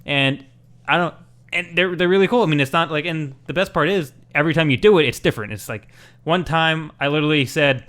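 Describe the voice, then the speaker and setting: A man co-hosting a gaming podcast in casual chat, animatedly acting out bits of game dialogue. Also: on the high side. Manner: animated, acts out game dialogue in quick voices. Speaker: podcast co-host.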